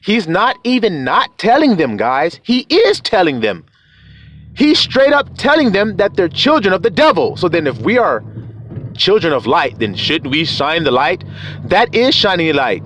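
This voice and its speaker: A man preaches in a high, wildly swinging voice, jumping from shouts down to low, quiet asides. His rant is coarse and full of street slang, and a faint hum of noise runs behind him. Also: big pitch swings, normal speed. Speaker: self-styled preacher. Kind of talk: fiery profane scripture rant.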